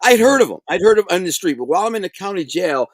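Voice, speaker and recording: Middle-aged guy spinning prison stories, streetwise slang, kinda high voice, dry close mic. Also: rapid-fire, no echo. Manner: animated, streetwise storytelling with slang and acted quotes. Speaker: guest telling prison stories. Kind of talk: casual storytelling interview.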